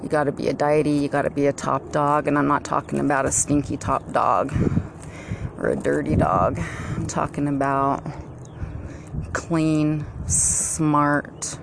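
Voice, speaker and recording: A woman vlogs at home in a slow, wandering monologue, stretching her words and filling the gaps with ums. Her voice sits fairly low for a woman. Clear background noise runs under everything she says. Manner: slow, drawn-out and meandering, with many fillers. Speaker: vlogger. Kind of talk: rambling casual monologue. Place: at home, walking into her garage with dogs barking nearby.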